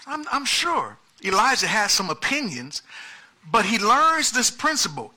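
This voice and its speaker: Male pastor, high and bright voice, dynamic preaching that jumps between hushed and loud. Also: normal speed. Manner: animated preaching, swings from soft asides to loud emphasis. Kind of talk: sermon.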